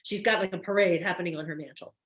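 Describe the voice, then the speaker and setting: A woman's voice: on the low side, steady tone, fast talker, a bit bright. An older woman, a soap actress guest, telling stories in a chatty, effusive way with many restarts. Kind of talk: casual interview chat. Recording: roomy echo.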